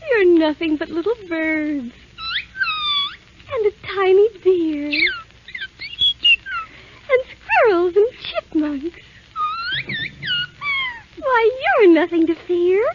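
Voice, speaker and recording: Timid, kind young princess for a vintage radio play: very high, unhurried, sweet and pleading, dull old broadcast sound. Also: female voice, very noisy, heavily acted. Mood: relieved. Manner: sweet, earnest, softly pleading. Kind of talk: 1930s radio drama acting.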